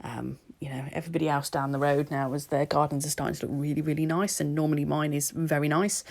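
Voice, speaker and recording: A woman's voice: low-pitched, fairly even intonation, quick pace, gravelly, a little mellow. A woman narrating her nail art in a chatty, rambling voice-over recorded at home. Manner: chatty and rambling, with laughs and ums.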